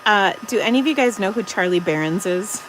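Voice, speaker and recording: A middle-aged woman from Minnesota hosting a live card-making demo, chatty and enthusiastic, dropping into soft muttered asides as she works. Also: mid-range voice, lively intonation, fairly quick, slight background noise. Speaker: craft livestream host.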